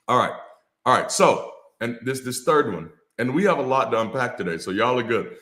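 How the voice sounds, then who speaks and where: A former pastor talks through a motivational session in a loose, preachy rhythm, hammering phrases by repeating them. He mixes slang and cursing into the talk at a mid-range pitch. The room gives his voice a noticeable echo. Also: animated, normal speed, a bit bright. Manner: casual, with slang and swearing. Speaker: ex-pastor and co-host. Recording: echoey room.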